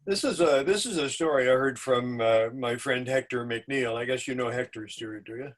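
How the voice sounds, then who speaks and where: A man's voice: mid-range voice, moderate pace. Folksy guy telling an old yarn to a crowd, easy and wry. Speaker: storytelling host. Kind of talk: telling a folk tale to a live audience.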